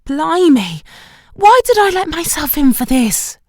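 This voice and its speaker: Woman narrator doing a cheeky cousin: loud, teasing, pitched up, dry storybook read. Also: big pitch swings, unhurried, dry recording. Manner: smirking, loud and brash.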